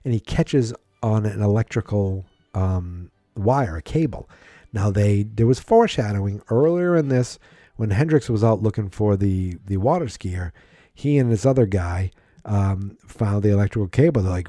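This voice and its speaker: A man's voice: on the low side, expressive, moderate pace, mellow, no room sound, studio quality. A man casually recapping a film on a podcast, acting out the characters' lines in mocking voices. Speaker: podcast host.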